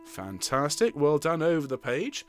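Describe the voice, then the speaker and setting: A woman's voice: deep voice, very animated, a little slow. A woman leading an online choir rehearsal, patiently counting in and singing short phrases of the alto part to demonstrate. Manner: patient, encouraging coaching. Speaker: choir director. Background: piano accompaniment.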